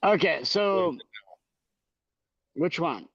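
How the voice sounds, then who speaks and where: A man's voice: on the high side, animated, very slow, a bit bright. A man who is a guest musician on a podcast, chatting in a laid-back way and saying "dude" all the time. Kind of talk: casual podcast chat. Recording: dull, lo-fi, dry sound.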